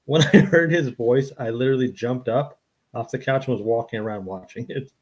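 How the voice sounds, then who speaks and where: A man co-hosts a pop-culture podcast in a relaxed chat. He speaks with a fan's eagerness, at a typical mid pitch. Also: a little fast. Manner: enthusiastic fan chatter, chuckling. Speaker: podcast co-host. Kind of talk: casual chat.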